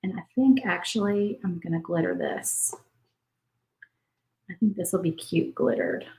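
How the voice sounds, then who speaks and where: Her voice is on the low side and warm, a little slow, as she hosts a crafting livestream and chats casually while painting, musing aloud. The recording is low quality, with an echoey room.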